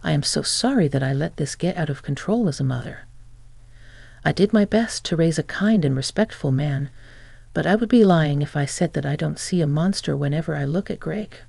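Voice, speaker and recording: A woman's voice: low voice, brisk, vocal fry, a little mellow, husky, dry recording, full character voice. A reader voicing a fierce scolding mother-in-law. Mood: determined.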